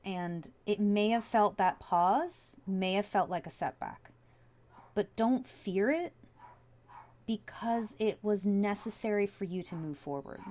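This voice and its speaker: A woman's voice: mid-range voice, slow, a little mellow. Chatty woman giving a tarot reading. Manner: chatty, musing aloud with many likes and you-knows. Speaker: tarot reader. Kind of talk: casual spoken tarot reading. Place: home.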